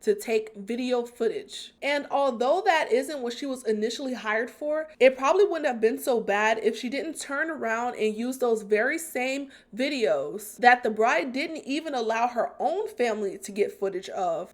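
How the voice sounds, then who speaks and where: A woman's voice: fairly high pitch, lively intonation, moderate pace, hardly any pauses. A woman hosting a commentary channel, talking through a controversy in an earnest, analytical and emphatic way. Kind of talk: scripted commentary.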